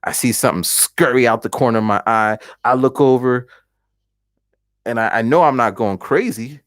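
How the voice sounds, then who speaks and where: A man in his forties hosts a livestream from home, chatting casually and telling stories with animated, voiced reactions. His medium-pitched voice moves at a normal speed, captured as a dry recording with clean studio sound.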